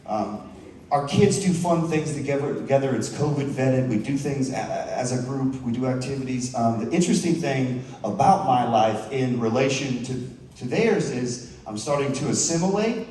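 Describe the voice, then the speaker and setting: A man's voice: mid-range voice, expressive, normal speed, mellow. A man in his thirties from Southern Oregon, doing a stand-up comedy set in a loose, chatty way with frequent restarts. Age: 30s. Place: large theater stage. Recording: echoey, distant theater recording with room noise.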